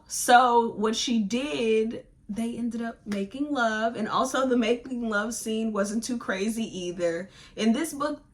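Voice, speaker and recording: A woman's voice: fairly high pitch, measured pace, hardly any pauses. A woman hosting a book club podcast, retelling the plot in a casual, digressive, slangy way. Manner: animated, digressive retelling that acts out characters' lines; slangy, informal talk. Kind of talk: casual book review chat.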